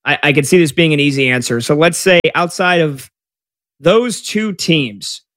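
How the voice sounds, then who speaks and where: A man hosts a relaxed sports talk show, chatting freely and reacting to a live game as it plays. His voice sits a little high, and he keeps the talk moving with questions and quick asides.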